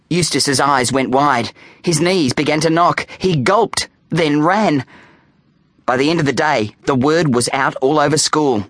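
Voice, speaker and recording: A man reading a children's audiobook aloud with playful, animated storytelling on a close studio mic. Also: fairly high pitch, unhurried, no room sound. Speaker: audiobook narrator.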